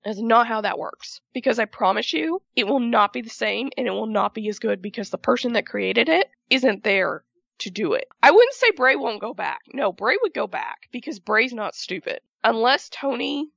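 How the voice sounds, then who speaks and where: Woman, fairly high voice, gravelly, profane casual rant, dry close sound. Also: lively intonation, moderate pace, fairly bright tone, no echo, muffled recording. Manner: emphatic, profane, repeats herself for emphasis. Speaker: wrestling fan commentator. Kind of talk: ranting casual commentary.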